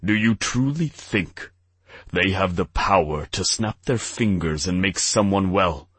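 A man voicing a cruel ancient archangel who speaks slowly, with cold disdain. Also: deep voice, animated, a bit bright, breathy edge, no room sound, full character voice. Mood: mocking. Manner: slow, measured, disdainful.

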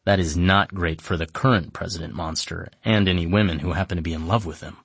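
Brief: husky male narrator, deadpan comic storytelling. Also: sits low, fairly quick, dry recording. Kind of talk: comic first-person story reading.

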